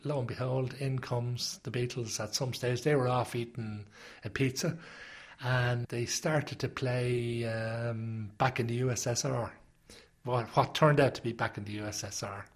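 A man's voice: mid-range voice, fairly even intonation, measured pace. Dublin man telling a rambling story. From Ireland. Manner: rambling, anecdotal. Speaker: interviewee. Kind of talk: casual storytelling.

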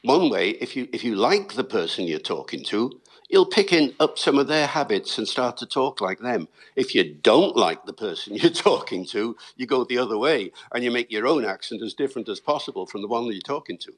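A man, a linguist guest, explaining accents in a lively storytelling manner with the odd chuckle. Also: medium pitch, brisk. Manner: lively storytelling, chuckles, talks to listeners as folks. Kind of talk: explanatory interview talk.

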